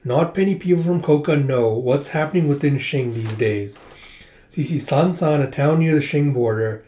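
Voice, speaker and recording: A man's voice: on the high side, normal speed, mellow, echoey room. A man hosting a casual comic readthrough, chatting and reading the lines aloud.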